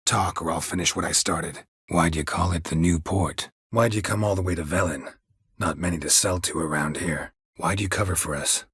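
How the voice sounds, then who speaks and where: An actor playing a gruff, laconic middle-aged monster hunter in a game, with a husky voice and clipped, dryly sarcastic questions. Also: male voice, moderate pace, fairly bright tone, no echo, heavily acted. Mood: terse, dry. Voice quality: husky, gravelly low voice. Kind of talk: game voice acting. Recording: dry close studio recording.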